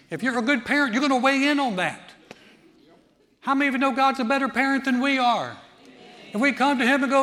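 A man preaching a sermon to a congregation, moving between loud, emphatic passages and a quiet, low prayer voice. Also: normal speed, long pauses. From United States. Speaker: pastor. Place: church sanctuary. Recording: long church reverb.

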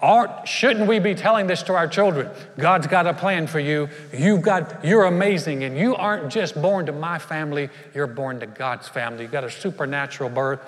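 A man preaching a sermon as pastor, emphatic, moving between loud bursts and hushed lines. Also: a little high, normal speed, hardly any pauses. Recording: long hall reverb.

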